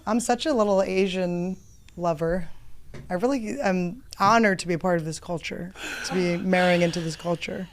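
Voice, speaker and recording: A woman's voice: on the low side, moderate pace, a little hiss or hum. A woman hosting a podcast in a studio, rambling through self-mocking comic stories in casual chat. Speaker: podcast host.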